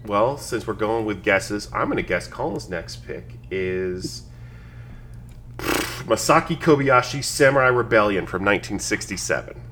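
A man's voice: fairly low pitch, lively intonation, unhurried, sharp tone, slight background noise. A man co-hosting a casual podcast chat, dry and matter-of-fact, a little unsure at times. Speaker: podcast co-host.

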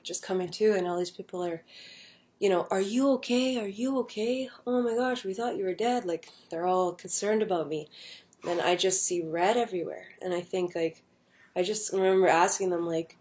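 Young woman rambling thru a personal story at home, kinda low voice, lots of um and like. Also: a little mellow. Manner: rambling, many fillers and restarts. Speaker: vlogger.

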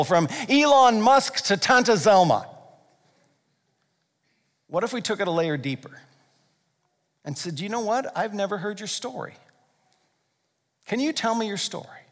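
A man with a high-pitched voice preaches a sermon, earnest and emphatic, dropping into soft, slow prayer between his loud points. His voice rings out with a long reverb, as in a large hall. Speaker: pastor.

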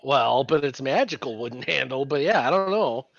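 A man's voice: medium pitch, animated, normal speed, gravelly, no room sound. A man playing in a tabletop game, joking and bantering casually with friends. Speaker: player. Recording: dull lo-fi audio.

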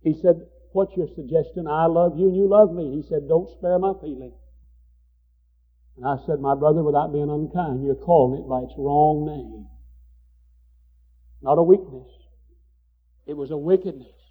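A man's voice: fairly high pitch, moderate pace, long pauses, breathy edge, narrow, tinny audio. A man preaching a sermon with fervor, repeating phrases for emphasis.

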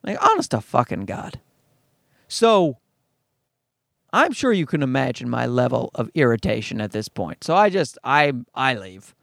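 A man's voice: mid-range voice, very animated, a little slow, vocal fry, a bit bright, no room sound, clean studio sound. A man telling a story as an exasperated, profane rant. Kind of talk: comic ranting anecdote.

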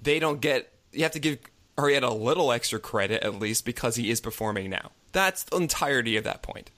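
A man co-hosting a podcast, arguing his rankings in casual debate, talking quickly with many restarts. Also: medium pitch, animated, sharp tone. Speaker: fantasy baseball podcast co-host.

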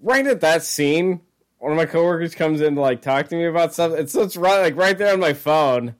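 A man's voice: fairly high pitch, lively intonation, a little fast. Man co-hosting with dry crude jokes. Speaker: podcast co-host. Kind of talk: casual comedic banter.

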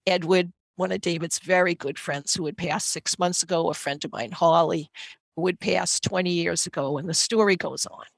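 A woman's voice: fairly low pitch, moderate pace, vocal fry, dry recording. A middle-aged woman with a Boston accent, telling a personal story earnestly as a podcast guest.

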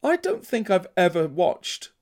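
A man's voice: high-pitched, very animated, unhurried, darkish tone. A man co-hosting a casual chat with dry, mock-grumpy humour. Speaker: podcast co-host.

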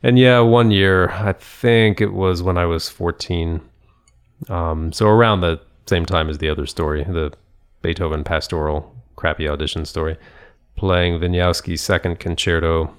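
A man's voice: low voice, fairly even intonation, normal speed, smooth. A man co-hosting a casual conversation, telling stories in a thoughtful, rambling way with frequent restarts and laughs. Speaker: podcast co-host.

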